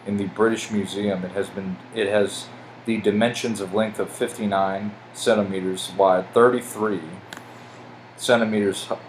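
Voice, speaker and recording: A man with a lowish voice rambles through a casual commentary over pictures, getting excitable and swearing. He stumbles when he reads text aloud. A faint air-conditioner hum sits behind him. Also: low-quality recording. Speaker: conspiracy video host.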